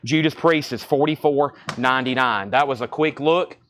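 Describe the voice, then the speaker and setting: In a record shop, a man with a Southern US accent auctions records on a live stream, rattling off titles, conditions and prices. He speaks at normal speed in a mid-range, fairly bright voice, with slight background noise.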